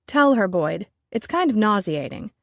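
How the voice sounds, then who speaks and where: Stubborn, loud woman chef, a little higher than the reader's own voice, as the female narrator puts her on; dry, close sound. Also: very animated, normal speed, no room sound. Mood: teasing. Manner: loud, insistent, sharp retorts. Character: fierce petite woman chef, bossy and stubborn.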